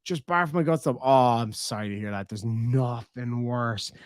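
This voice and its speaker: An Irish man hosting a livestream, reading out super chats in casual chat, swearing freely and thanking donors warmly. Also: mid-range voice, unhurried, no room sound, clean studio sound.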